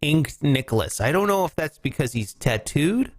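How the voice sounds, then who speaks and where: A man hosting a casual morning talk show, loud and excitable, rambling as he chats with his co-host. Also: a little high, normal speed. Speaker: podcast host.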